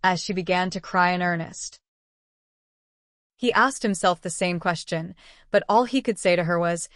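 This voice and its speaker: A woman narrating a romance novel audiobook in an even, measured reading. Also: lowish voice, no echo, studio quality. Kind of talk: scripted narration.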